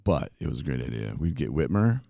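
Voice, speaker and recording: Low-voiced man telling animated stories. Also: brisk, vocal fry, dry recording, studio quality. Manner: animated, laughs often while telling stories. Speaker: podcast host. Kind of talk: casual storytelling chat. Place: recovery retreat.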